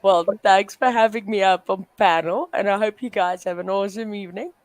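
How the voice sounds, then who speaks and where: A woman in a casual chat, talking slowly and easily. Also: medium pitch, no echo.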